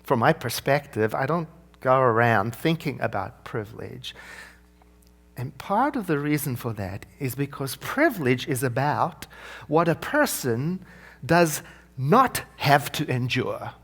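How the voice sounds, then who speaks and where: Male minister preaching, lively up-and-down voice, playful then slow and gentle. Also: medium pitch, vocal fry. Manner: animated, with playful asides and gentle slowdowns. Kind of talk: sermon.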